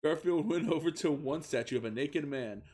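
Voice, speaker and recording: A man doing a comedic reading of fan fiction, keeping a flat voice and often breaking into laughter. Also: a little high, moderate pace, breathy edge.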